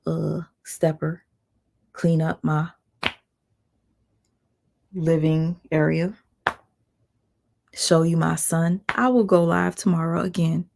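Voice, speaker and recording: A woman's voice: low-pitched, fairly even intonation, slow pace, gravelly, long pauses, a little mellow. A woman hosting her own livestream, talking bluntly and heatedly, swearing and reading viewer comments aloud, with a strained voice. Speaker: channel host on a livestream. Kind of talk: casual livestream rant.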